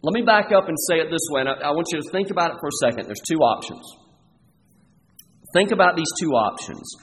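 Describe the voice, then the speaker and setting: Male pastor preaching, slightly high voice, reverberant hall, earnest rhetorical questions. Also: lively intonation, fast, fairly bright tone. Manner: earnest, presses listeners with repeated rhetorical questions. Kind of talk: sermon. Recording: long hall reverb, faint background noise.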